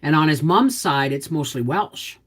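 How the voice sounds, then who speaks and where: Husky and deep, this female homestead host speaks expressively at a moderate pace. She chats in a folksy, down-to-earth manner on a casual livestream, covering cooking and gardening and responding to viewers.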